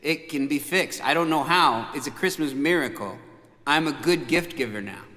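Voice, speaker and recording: A man's voice: fairly high pitch, normal speed, sharp tone. Chuckling man in a reverberant room. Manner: rambling, chuckling, with frequent fillers and restarts. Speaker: musician hosting a livestream. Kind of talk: casual storytelling chat. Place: room called the bunker. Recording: long reverb.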